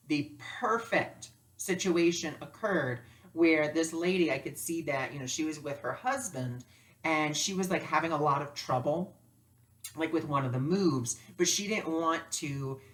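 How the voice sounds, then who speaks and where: A woman teaching spiritual lessons through personal stories, animated and acting out dialogue. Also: sits low. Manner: animated, acts out dialogue with lively voices. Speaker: spiritual teacher and life coach. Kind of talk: storytelling lesson.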